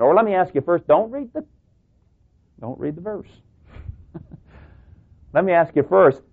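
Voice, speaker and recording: A man preaching a sermon to a congregation, talking through rhetorical questions and joking asides. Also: mid-range voice. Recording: tinny phone-like sound.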